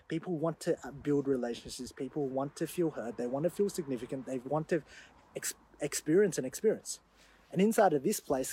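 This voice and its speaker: A podcast host with a fairly high, husky voice tells a story on his own show. His monologue is animated and gets loud when he retells the confrontation.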